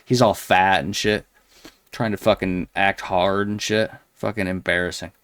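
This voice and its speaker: A man's voice: deep voice, little pitch movement, a little slow, fairly bright tone, clear, resonant tone, dry recording. A man hosting a commentary show, crudely mocking a video with a rambling, sneering delivery full of fillers. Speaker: commentary host.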